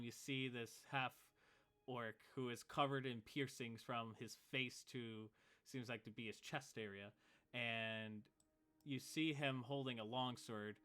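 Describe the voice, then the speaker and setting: Bright-voiced male game master. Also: medium pitch, clean tone. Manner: casual, hesitant with fillers. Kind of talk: narrating a tabletop game.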